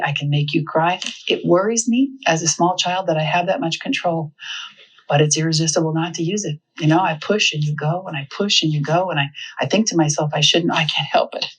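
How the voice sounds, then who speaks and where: A woman speaking to parents about raising children, lively and humorous, acting out little quoted exchanges. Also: sits low, breathy edge, rough recording. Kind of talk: talk to parents.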